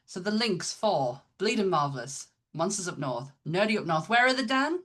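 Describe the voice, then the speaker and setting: A woman's voice: on the low side, big pitch swings, normal speed, fairly bright tone. Chatty woman with a northeast English accent. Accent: Sunderland, northeast England. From Sunderland, England. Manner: chatty, wraps up the episode. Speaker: podcast host. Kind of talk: casual interview chat.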